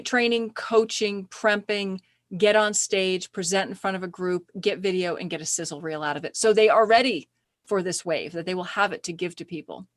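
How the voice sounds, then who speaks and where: A middle-aged woman chatting as a podcast guest, animated and quick to laugh while telling stories. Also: mid-range voice, dry recording, clean studio sound. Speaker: podcast guest, speaker agent. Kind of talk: casual interview chat.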